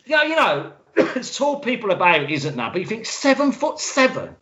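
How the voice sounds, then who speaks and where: A man co-hosting a casual film podcast, excitable and quick to exclaim. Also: high-pitched. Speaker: podcast co-host. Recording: dull lo-fi sound.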